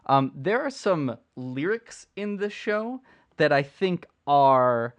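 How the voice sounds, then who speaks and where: A man's voice: on the high side, animated, slow pace, clear, resonant tone. Rambling, playful man chatting casually. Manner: rambling and playful, often restarting sentences. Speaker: channel host answering viewer questions. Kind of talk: casual unedited livestream chat.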